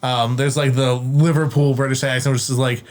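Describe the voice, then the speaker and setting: A man co-hosting a podcast in casual chat, halting and repeating words as he goes. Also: mid-range voice, flat delivery, darkish tone. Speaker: podcast co-host.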